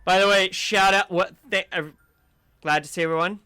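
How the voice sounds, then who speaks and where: A man running a tabletop game as game master, narrating in a relaxed, rambling way. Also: sits high, normal speed, clean tone, no room sound. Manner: relaxed, rambling descriptions with many fillers.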